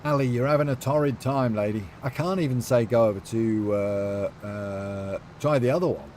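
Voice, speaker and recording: Male streamer, casual chatty delivery, middle pitch, slight background hiss. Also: moderate pace, a little mellow. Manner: chatty, reads out and answers chat. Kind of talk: casual live-stream chat.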